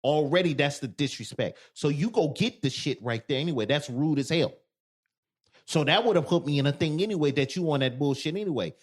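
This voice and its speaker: A man co-hosting a podcast in casual chat, telling animated stories and loudly acting out quoted lines. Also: on the high side, a little fast. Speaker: podcast co-host.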